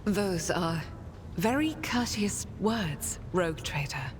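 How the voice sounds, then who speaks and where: A woman's voice: lively intonation, takes it slowly. A woman voicing a stern, devout female warrior nun who speaks formally and courteously. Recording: roomy reverb, loud game rumble.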